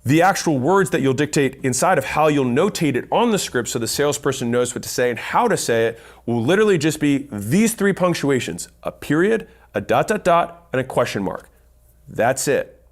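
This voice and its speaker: A man's voice: medium pitch, expressive, moderate pace. A man giving a blunt instructional talk on sales, counting points off and swearing casually. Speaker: business speaker teaching sales. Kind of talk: instructional monologue.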